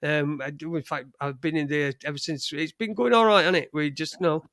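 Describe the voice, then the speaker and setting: A man's voice: on the high side, brisk, fairly bright tone, dry recording, studio quality. A man hosting a casual live chat show, rambling and swearing freely. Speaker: podcast host.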